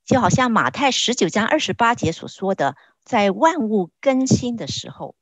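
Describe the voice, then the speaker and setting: A woman's voice: on the high side, big pitch swings, normal speed, dry recording. A woman interpreting a sermon phrase by phrase, sometimes hesitating as she searches for words.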